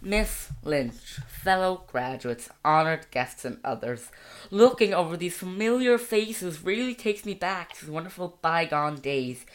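A woman's voice: fairly low pitch, expressive, unhurried. A woman reading a formal graduation speech from a script in a put-on American accent. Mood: speechifying. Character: female graduation speaker addressing alumni.

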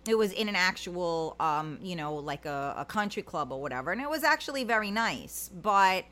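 A woman's voice: fairly low pitch, very animated, normal speed, a bit bright. A middle-aged woman, chatting casually as a livestream host and reading out viewer comments, rambling with many fillers.

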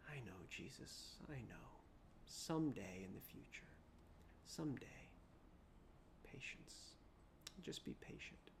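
A preacher voicing Martha, a grieving woman who pleads softly. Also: mid-range voice, expressive, takes it slowly, creaky, pauses often, slight background noise, pitched below the performer's own voice. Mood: hushed despair. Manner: pleading, then hushed and weary.

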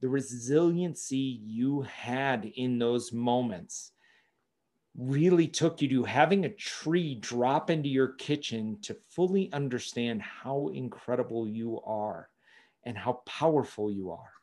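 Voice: mid-range voice, lively intonation, slow pace, a little mellow. A podcast host who interviews a guest, often affirming her and reflecting on her story at length. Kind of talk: casual interview.

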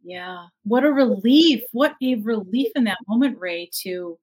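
Husky-voiced woman hosting a podcast. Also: a little high, expressive, measured pace, a little mellow. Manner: affirming, empathetic responses. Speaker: podcast host. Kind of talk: interview hosting.

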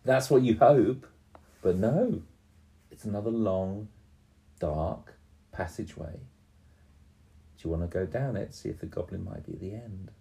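A man in his fifties narrating a tabletop game for a small child in a slow, gentle storytelling voice, often pausing to ask her questions. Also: lowish voice, vocal fry. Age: 50s. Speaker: game master.

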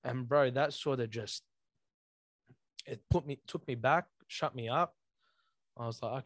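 A man's voice: mid-range voice, fairly even intonation, normal speed, long pauses, no room sound. A young man, co-hosting a casual podcast and telling a personal story in an earnest, heartfelt way with plenty of slang. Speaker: podcast co-host.

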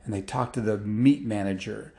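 A man telling a story in a loose, casual way, with restarts and fillers, picking up excitement as the action builds. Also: lowish voice, moderate pace.

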